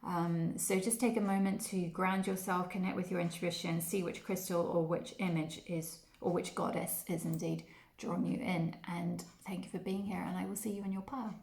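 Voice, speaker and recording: A woman giving a pick-a-card tarot reading, talking gently and rambling with many fillers and addressing the viewer fondly. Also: on the low side, flat delivery, moderate pace, vocal fry, roomy sound. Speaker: tarot reader.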